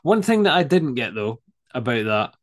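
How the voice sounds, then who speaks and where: A man's voice: medium pitch, big pitch swings, moderate pace. Rambling man chatting about films. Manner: rambling, laughs often, swears. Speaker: podcast co-host. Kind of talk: casual film chat.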